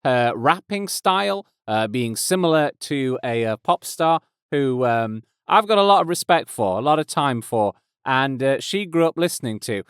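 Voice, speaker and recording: A man's voice: medium pitch, expressive, moderate pace, few pauses, a bit bright, smooth, dry recording. A man in his thirties hosting a casual podcast intro, rambling and self-deprecating on a close mic. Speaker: host. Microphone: close studio mic.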